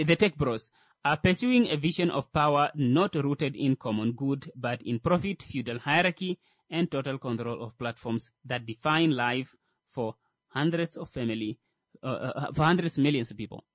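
A man's voice: medium pitch, dry recording. A man giving comedic, sarcastic commentary on tech, rambling with many fillers and restarts. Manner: sarcastic, mocking asides.

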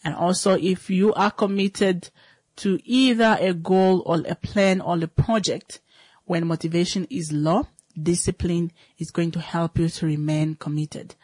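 A talk show host giving a slow, reflective motivational talk, short of breath with a dry cough, asking and answering its own questions. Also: medium pitch, steady tone, a little mellow, no room sound.

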